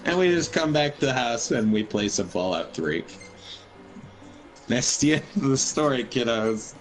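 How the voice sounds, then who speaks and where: A man's voice: mid-range voice, animated, moderate pace, faint music behind, low-quality recording. A man in his twenties, a gaming streamer, telling a rambling, profane story over his gameplay.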